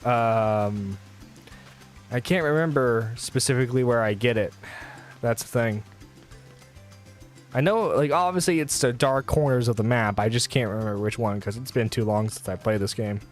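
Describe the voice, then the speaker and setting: A man's voice: mid-range voice, normal speed, soft background music. A man hosting a casual gaming livestream, chatty and rambling while he plays. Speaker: streamer host.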